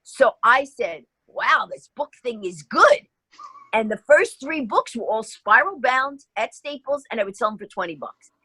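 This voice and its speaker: A woman's voice: on the high side, expressive, a little slow, sharp tone, breathy edge, dry recording. A middle-aged woman guest telling a story in a podcast interview, acting out both sides of the dialogue. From New York.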